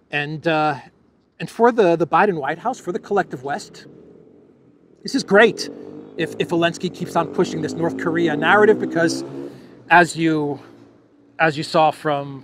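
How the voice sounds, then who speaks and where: A man's voice: on the high side, slight background noise. A man hosting a political news commentary show, talking in a sarcastic, scoffing way and often restarting his phrases. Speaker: host.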